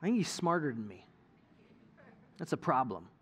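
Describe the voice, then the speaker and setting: A middle-aged male pastor with a husky, medium-pitched voice preaches at a moderate pace. He delivers his sermon as conversational, animated storytelling and acts out quotes from people.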